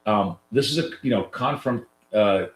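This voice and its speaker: A man's voice: lowish voice, normal speed. A man with a nasal voice, giving loose, chatty live trading commentary to viewers as a coach, with lots of fillers and restarts. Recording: roomy echo.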